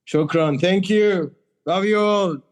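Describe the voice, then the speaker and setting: A man's voice: high-pitched, moderate pace. A man whose first language is Arabic, a participant in a video-call workshop, who talks eagerly and repeats his thanks.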